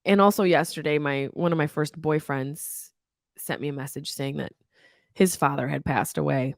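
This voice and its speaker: This podcast host, a woman in her thirties, has a low voice with vocal fry and talks at a normal speed. Her casual comedic monologue is candid and animated, full of swearing and comic asides, and the studio mic captures it cleanly with no echo.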